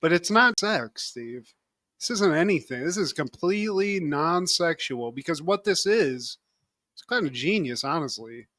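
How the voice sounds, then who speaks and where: A man's voice: a little high, unhurried, dry recording. A man co-hosting a podcast, chatting casually and playfully acting out comedy sketch lines. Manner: animated, jokey, acts out sketch lines. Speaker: podcast co-host.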